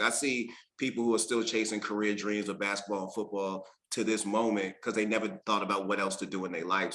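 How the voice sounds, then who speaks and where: A man interviewing a guest in a relaxed, chatty way with plenty of fillers. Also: on the low side. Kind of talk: casual interview.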